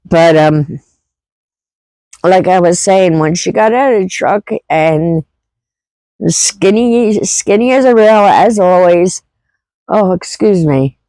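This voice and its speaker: Slow-talking heartfelt woman storyteller. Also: on the low side, warm tone, dry recording, rough recording. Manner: rambling, heartfelt, with frequent fillers and restarts. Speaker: homesteading vlogger. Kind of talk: casual personal storytelling.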